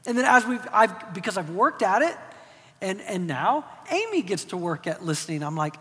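Co-host: man in his 40s, high, bright voice, emphatic and self-deprecating, reverberant room. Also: big pitch swings, normal speed. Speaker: podcast co-host. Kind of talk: casual conversational advice.

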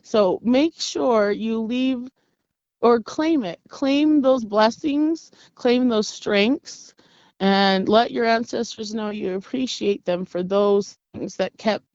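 A woman in her thirties, from the Navajo Nation, telling personal stories in an interview with an earnest, halting manner. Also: on the high side, darkish tone, no echo, dull audio. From Navajo Nation, US Southwest. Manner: earnest, halting, with frequent restarts and laughs. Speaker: interview guest. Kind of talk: reflective personal storytelling.

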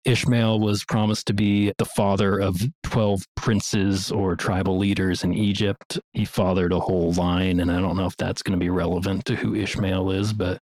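A man's voice: sits low, normal speed, few pauses, no room sound, clean studio sound. A man co-hosting a fantasy book club podcast, chatting casually about the chapters and reading passages aloud. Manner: relaxed, chatty, reads quotes aloud.

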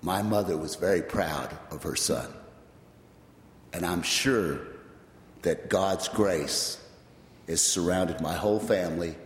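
A man shares his personal testimony in church, in a fairly low voice. He tells his story plainly, coming back again and again to the turn "well, guess what." The sound is roomy, with a long church-hall reverb and faint noise behind. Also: slow, pauses often. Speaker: church member giving testimony. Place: large church sanctuary.

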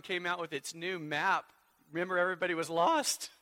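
Man, pastor, sermon, bright tense voice, hushed to loud swings. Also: sits high, fairly even intonation, a little fast.

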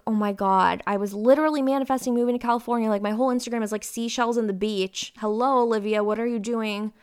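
A woman in her twenties hosting a podcast, talking casually and openly with lively bursts of emphasis. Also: fairly high pitch, clear, resonant tone. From Ohio. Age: 20s. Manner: chatty, open and confessional, with lively bursts of emphasis. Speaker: podcast host. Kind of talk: casual personal chat.

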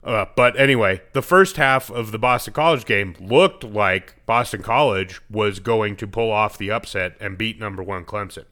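A man's voice: fairly low pitch, normal speed, few pauses, pushed and bright. A man co-hosting a sports podcast, talking news in a laid-back, blunt way. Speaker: podcast co-host. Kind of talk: casual sports chat.

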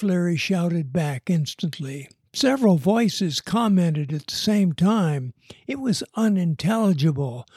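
Man reading a story slow, kinda husky, dry close sound. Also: on the high side, expressive, darkish tone, no echo. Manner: unhurried, measured storytelling. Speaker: narrator.

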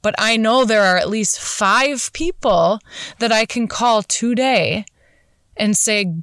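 A woman's voice: fairly high pitch, slow, a bit bright, clean tone, no echo, clean studio sound. A woman in her thirties hosting a podcast, talking earnestly and encouragingly straight to her listeners. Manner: earnest, encouraging, addresses listeners as "you guys". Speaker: podcast host. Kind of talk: motivational podcast monologue.

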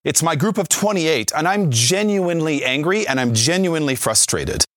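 A man in his forties, a Catholic speaker and former youth minister, telling a story with lively acted-out quotes and frequent asides of "right?". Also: on the high side, normal speed, dry recording, studio quality. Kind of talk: storytelling faith talk.

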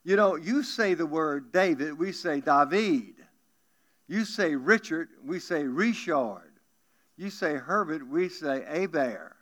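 A man's voice: a little high, measured pace, hardly any pauses, fairly bright tone. A man in his seventies with a South Louisiana accent, preaching in a folksy, joking way to a congregation. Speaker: guest pastor. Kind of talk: folksy storytelling sermon.

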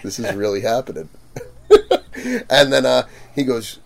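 A man telling stories in a casual chat, animated, laughing and acting out quotes loudly. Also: medium pitch, unhurried, creaky. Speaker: guest vendor.

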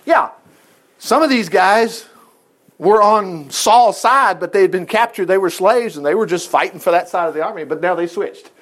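A man reading a Bible story aloud and breaking off into animated, chatty asides and commentary. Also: high voice, normal speed. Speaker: Bible teacher.

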